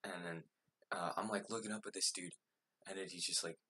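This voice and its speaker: Low, bright, husky young man rambling. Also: fairly even intonation, brisk. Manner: rambling, filler-heavy, self-mocking. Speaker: vlogger. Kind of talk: casual storytelling.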